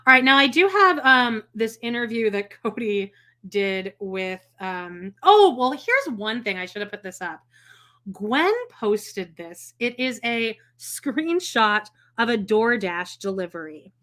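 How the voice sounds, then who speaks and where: A woman's voice: on the high side, very animated, takes it slowly, pushed and bright. A woman co-hosting a live stream, chatting casually and snarkily about a reality show, quoting people and laughing often. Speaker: podcast co-host. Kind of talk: casual snarky TV recap chat. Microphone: home podcast mic, live stream.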